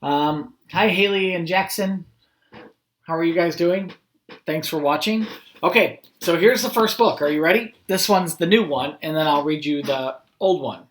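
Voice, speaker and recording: Recorded with a roomy echo, a man who is a school principal reads a picture book to children at normal speed, adding gentle chatty asides. He has a fairly high-pitched voice.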